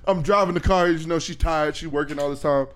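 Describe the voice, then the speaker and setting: A man's voice: fairly high pitch, brisk. A young man co-hosting a podcast, telling crude stories in casual comedic chat and laughing often. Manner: animated storyteller, laughs often, crude jokes. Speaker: podcast co-host. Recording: noisy amateur recording with clicks.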